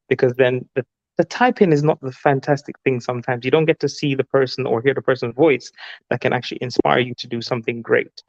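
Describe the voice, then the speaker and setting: Motivational guy on a stream panel, slow and earnest, kinda muffled dry sound. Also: mid-range voice, no room sound. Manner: earnest, deliberate, preaching. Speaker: panel guest. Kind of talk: motivational talk.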